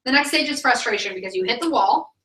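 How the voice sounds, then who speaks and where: Bright, emphatic woman coaching a room. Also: a little high, expressive, fast. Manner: emphatic, chatty, peppered with "like". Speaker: sales director training new consultants. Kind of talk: motivational training talk. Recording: echoey room, mic at a distance.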